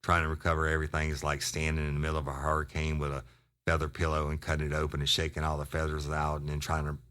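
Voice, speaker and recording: Very deep-voiced man telling a rambling story. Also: monotone, fast, fairly bright tone. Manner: rambling, profane, with many restarts. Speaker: podcast host and retired detective. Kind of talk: casual storytelling.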